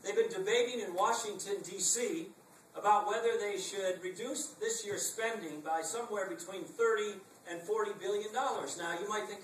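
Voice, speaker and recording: A man's voice: high-pitched, moderate pace, distant mic, slight background noise. A middle-aged man giving a campaign stump speech in a packed meeting room, emphatic and rhetorical with wry asides. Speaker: political speaker. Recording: echoey room, recorded from afar.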